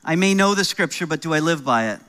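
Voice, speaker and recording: American guy preaching, middle-aged, kinda high and bright voice, chatty with jokes then punchy emphasis. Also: lively intonation, quick pace, clear, resonant tone. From New York. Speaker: pastor. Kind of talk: sermon.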